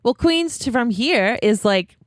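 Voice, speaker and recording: A woman's voice: a little high, animated, measured pace, dry recording, clean studio sound. A woman co-hosting a podcast in playful, casual chat. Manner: playful and chatty. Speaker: podcast co-host.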